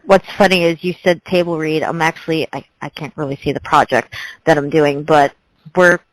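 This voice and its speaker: A woman's voice: low voice, fairly even intonation, moderate pace, no echo, low-quality recording. A woman hosting an interview, asking questions eagerly and laughing between them. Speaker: interview host.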